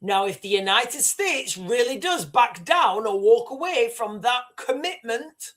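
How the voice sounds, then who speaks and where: A northern English man hosting a livestream, giving fast, rambling political commentary with many restarts. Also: extremely high pitch, lively intonation, fairly bright tone. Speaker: livestream host.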